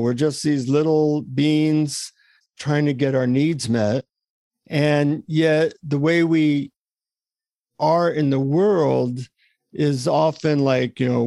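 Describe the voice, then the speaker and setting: A man's voice: medium pitch, darkish tone, no room sound. A man co-hosting a podcast over a video call, explaining ideas in a reflective, conversational way. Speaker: podcast co-host. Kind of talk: casual conversation.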